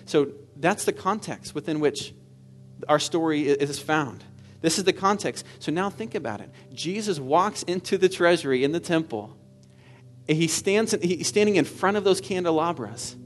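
A man's voice: a little high, animated, moderate pace, faint music behind. A man preaching a sermon in an earnest manner, rising at times to fervent exclamation. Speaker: pastor.

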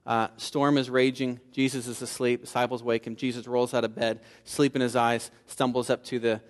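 A man preaching a sermon in a conversational style, building to emphatic peaks and dropping low for asides. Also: little pitch movement, moderate pace, in a large hall. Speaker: pastor.

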